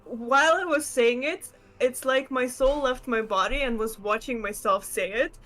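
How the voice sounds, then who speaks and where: A woman's voice: fairly high pitch, moderate pace, a bit bright, faint music behind. A woman playing a tabletop game, chatty and a little hesitant in casual talk. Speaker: player.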